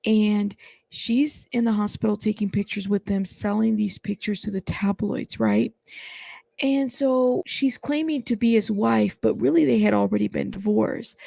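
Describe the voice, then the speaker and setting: A woman's voice: medium pitch, gravelly, mellow, husky, no room sound. A woman hosting a true-crime show, telling the story in a casual, conversational way and checking in with "right?". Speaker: host.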